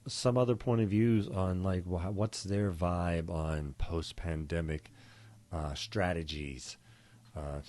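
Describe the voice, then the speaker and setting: Deep mellow-voiced man hosting a podcast. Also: slow. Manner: rambling, relaxed, many fillers and restarts. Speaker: podcast host. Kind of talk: casual solo podcast monologue.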